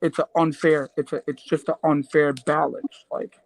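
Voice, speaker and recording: A man in a casual podcast chat who talks in halting restarts and is playfully dramatic. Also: a little high, level tone, gravelly, no room sound, poor audio.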